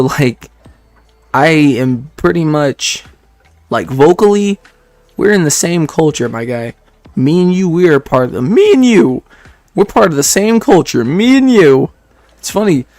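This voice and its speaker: A man's voice: fairly high pitch, dry recording. A man in his twenties from Detroit, chatting casually with stream viewers in a rambling way, laughing often and filling with "like". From Detroit, United States. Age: 20s.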